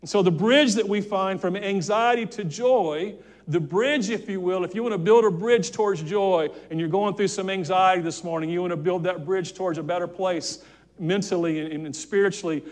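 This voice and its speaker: High-pitched guy preaching in church, earnest, keeps restarting words, asks the congregation to say stuff back. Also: moderate pace. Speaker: pastor. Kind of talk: sermon. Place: church sanctuary.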